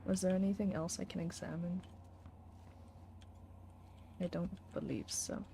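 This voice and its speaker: A woman streamer giving relaxed, soft-spoken casual commentary while playing a game. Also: fairly low pitch, a little slow, creaky, slight background noise.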